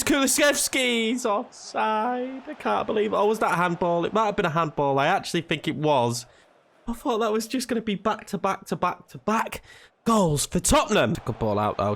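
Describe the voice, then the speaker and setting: A man commentating his own football video game match, swinging between hushed tension and frustrated outbursts. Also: high voice. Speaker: gaming YouTuber.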